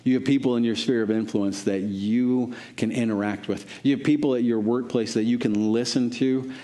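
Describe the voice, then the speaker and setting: A man's voice: mid-range voice, steady tone, moderate pace, dark tone. A man preaching a sermon as pastor, earnest and exhorting, repeating phrases for emphasis.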